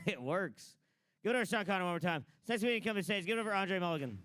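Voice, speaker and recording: A man's voice: high-pitched, lively intonation, fast talker, a bit bright. A man hosting an open mic and doing stand-up, talking in a loose, rambling way full of fillers. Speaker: open mic host and comic. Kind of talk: stand-up comedy.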